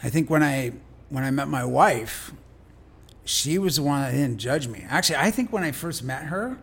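A man's voice: mid-range voice, expressive, normal speed, gravelly, fairly bright tone, breathy edge. A man from Canada, a guest in an interview, speaking candidly in an earnest, reflective way with frequent restarts.

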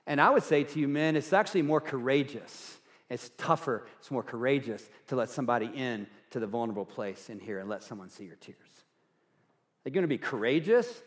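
A man preaching a sermon as pastor, earnest, going from loud emphasis to hushed softness. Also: medium pitch, animated, a little fast, in a large hall. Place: church sanctuary.

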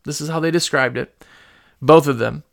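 A man who runs a small business, telling stories in a casual, rambling, animated way with lots of fillers and restarts. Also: a little high, moderate pace, vocal fry. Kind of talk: casual storytelling.

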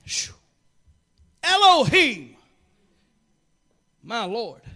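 High, bright-voiced fiery male preacher. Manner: fervent preaching that swings from quiet asides to shouted peaks; joking, folksy asides. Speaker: pastor. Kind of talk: sermon.

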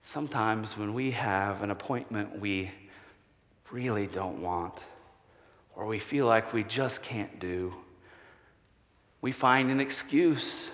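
A man preaching a sermon as a pastor, measured and slow with long pauses, falling to a hushed voice for quoted promises. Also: lowish voice. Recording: long hall reverb.

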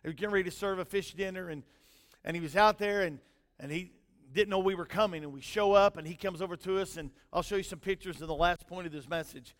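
A middle-aged man, preaching a sermon in a folksy storytelling way, his loudness rising and falling. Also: sits high, quick pace. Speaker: pastor. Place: church sanctuary. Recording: long hall reverb.

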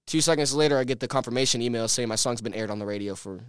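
A teenage man, a guest musician, excitedly telling a story on a casual podcast and quoting the people in it. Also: mid-range voice, very fast, clean tone, no echo, studio quality. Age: teens. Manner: excited storytelling, quotes himself and others.

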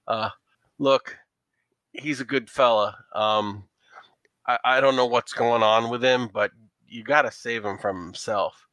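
Man voicing tired injured woman client in a tabletop game, halting and forgiving, bright edge, dry sound. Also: mid-range voice, fairly even intonation, no echo, close to an everyday voice. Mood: weary pleading. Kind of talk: tabletop role-play.

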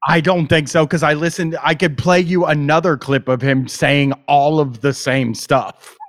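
A man's voice: a little high, steady tone, moderate pace. A man hosting a casual talk show, exasperated and profane, laughing often. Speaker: podcast host. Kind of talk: casual chat.

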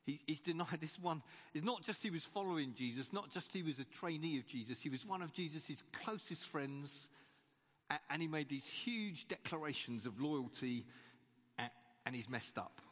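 A man's voice: fairly high pitch, lively intonation, normal speed, fairly bright tone. A man preaching a sermon in a chatty, stop-start way, retelling a Bible story. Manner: conversational, with frequent restarts and repeated words. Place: church. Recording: long church reverb.

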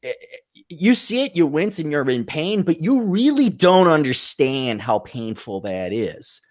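A man's voice: on the high side, big pitch swings, measured pace. Rambling man hosting a casual chat. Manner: rambling, loose, with many fillers and restarts. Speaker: podcast host.

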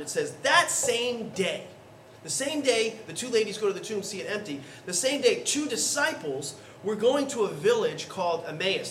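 Man, pastor, casual sermon, high voice, echoey church hall, slightly distant mic. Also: slight background noise. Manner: conversational, animated storytelling with acted-out voices. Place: church sanctuary.

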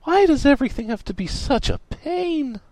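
A man voicing an exasperated, scheming young shop owner who talks in a raised, pushy, excitable way. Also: mid-range voice, moderate pace, dry recording.

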